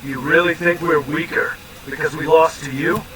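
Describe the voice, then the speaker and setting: A man's voice: on the high side, fairly even intonation, normal speed, crowd noise, natural voice, rough recording. A synthetic male voice reading a scoffing, irritable male robot fighter in a role-play chat. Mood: irritated. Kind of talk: text-to-speech role-play narration.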